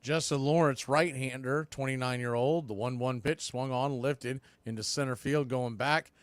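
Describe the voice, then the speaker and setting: A man doing casual live baseball play-by-play on a watch-party stream, chatting between pitches and often repeating words as he explains. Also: steady tone, moderate pace, smooth, no echo. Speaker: play-by-play announcer.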